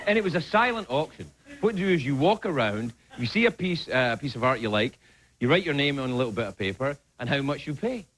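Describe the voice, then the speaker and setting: A man's voice: medium pitch, fast. A man hosting a late-night talk show, delivering a jokey stand-up monologue from a studio stage. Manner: animated, jokey, breaks into silly put-on voices. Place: TV studio stage with live audience.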